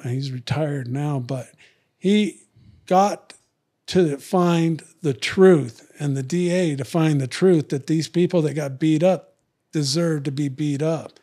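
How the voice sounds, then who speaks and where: A man's voice: a little high, warm tone, slightly rough. A middle-aged man telling stories in casual chat, blunt and profane, acting out both sides of old arguments. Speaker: guest. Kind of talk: casual storytelling.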